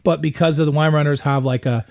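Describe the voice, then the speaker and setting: A man's voice: a little high, fairly even intonation, quick pace, vocal fry, darkish tone. A middle-aged man telling a long, rambling story in casual chat, swearing often. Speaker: podcast guest.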